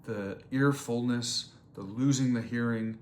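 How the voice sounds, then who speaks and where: A young man talks casually to the camera, rambling and restarting his sentences as he tells what happened to him. His pitch sits in the middle for a man. A faint hiss runs under the quick, homemade recording. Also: a little mellow. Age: 20s. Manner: rambling, repeats words, many fillers. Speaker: vlogger. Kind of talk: casual personal story to camera. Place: on a surf trip. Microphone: phone or camera, quickly made video.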